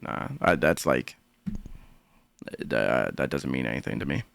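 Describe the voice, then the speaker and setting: A man with a deep, smooth voice hosting a casual live-stream commentary, rambling and swearing freely. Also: lively intonation, a little slow, fairly bright tone, no room sound. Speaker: livestream commentary host.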